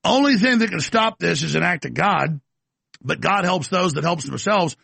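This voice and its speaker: Gravelly, ranting talk-show man. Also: sits high, expressive, moderate pace, pushed and bright, no room sound. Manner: ranting, emphatic, insistent. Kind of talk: impassioned talk-radio monologue.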